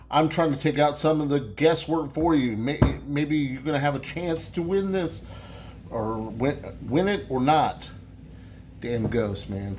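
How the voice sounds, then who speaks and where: A man's voice: mid-range voice, darkish tone, a little hiss or hum. Casual, rambling man reviewing beer. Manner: rambling and casual, swears, many restarts.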